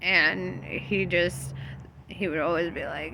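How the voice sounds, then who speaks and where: A woman's voice: lowish voice, fairly even intonation, slow pace, sharp tone, slight background noise. A young woman vlogging about faith in a casual, loose storytelling monologue, laughing often and swearing freely. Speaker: spiritual vlogger.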